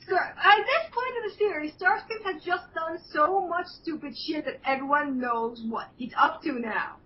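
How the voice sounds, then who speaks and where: High-voiced young woman rambling off-mic. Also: normal speed, far from the mic, a little hiss or hum. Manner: rambling, recaps plots with quoted voices. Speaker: show host. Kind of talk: casual fan chat about cartoons. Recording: dull lo-fi sound from off the mic.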